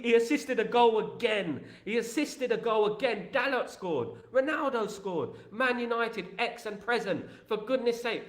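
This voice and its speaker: Male football streamer, high voice, emphatic and rambling, echoey room. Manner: animated, rambling, emphatic, British slang. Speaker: football podcast host. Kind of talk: live-stream chat reading viewer comments.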